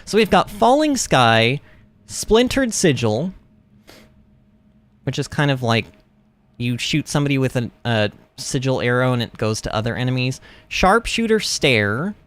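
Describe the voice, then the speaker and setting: A man streaming a video game, chatting excitedly and talking back to the game. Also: medium pitch, a little slow. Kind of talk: gameplay commentary.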